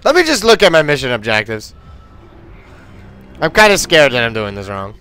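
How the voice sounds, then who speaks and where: A man's voice: medium pitch, big pitch swings, moderate pace, pushed and bright, clear, resonant tone. A man commentating on his gameplay in a casual, frustrated and sarcastic way, swearing often. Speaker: let's play commentator.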